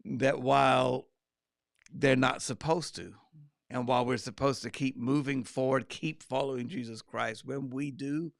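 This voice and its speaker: Gravelly man teaching a Bible study. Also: medium pitch, no room sound, clean studio sound. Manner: animated, acts out quoted lines with asides.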